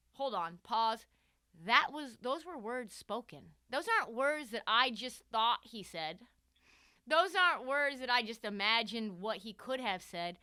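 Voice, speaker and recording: Brash high-voiced woman sports host. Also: bright, forceful tone, clean tone, no echo, studio quality. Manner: brash, profane, acts out quotes in voices. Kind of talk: animated sports commentary.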